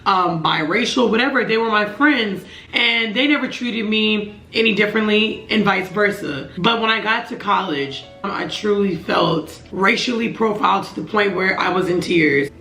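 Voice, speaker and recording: Woman, 20s, vlog storytelling, bright tense tone, echoey room, earnest. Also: medium pitch. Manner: earnest, emotional, halting restarts. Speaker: vlogger. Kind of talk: personal storytelling to camera.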